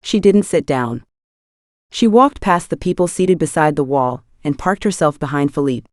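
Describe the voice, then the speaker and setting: In studio-quality audio with no room sound, a woman narrates a scripted audiobook. Her voice sits low, and her storytelling is measured and even.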